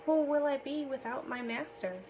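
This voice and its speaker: An earnest, anxious young settler boy with a fairly high voice, read by a woman. He speaks in a pleading, heartfelt way. Faint room hush sits behind the reading. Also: expressive, moderate pace, slight background noise, poor audio.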